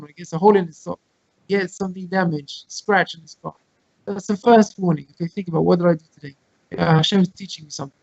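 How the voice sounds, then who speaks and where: A man teaching a Torah class over a video call, explaining with everyday examples and quoting Hebrew texts quickly. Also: high voice, darkish tone, no room sound. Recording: muffled, dry video call audio.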